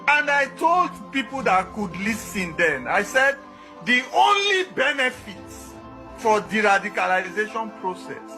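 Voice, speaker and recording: A man as guest analyst, explaining a process step by step in a measured way. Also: high voice, sharp tone. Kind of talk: explanatory discussion.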